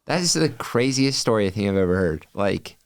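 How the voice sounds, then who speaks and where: A man's voice: fairly low pitch, animated, smooth, no room sound. A young man hosting a podcast, reacting with enthusiasm and using "like" often in casual chat. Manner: enthusiastic, quick reactions, filler "like". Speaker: podcast host.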